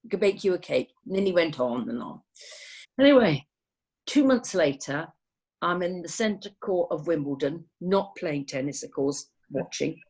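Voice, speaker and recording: A woman's voice: deep voice, animated, unhurried, darkish tone, slightly rough. A woman nurse in casual conversation, telling anecdotes in a chatty, rambling way. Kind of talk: casual chat.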